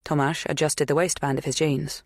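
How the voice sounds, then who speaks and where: A woman narrating a suspense audiobook in a measured, even reading. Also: sits low, no echo, clean studio sound. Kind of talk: scripted narration.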